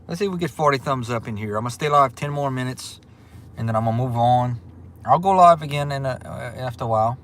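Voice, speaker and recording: A medium-pitched Louisiana man with a Southern accent hosts a livestream, chatting casually and drawling his way through viewer comments.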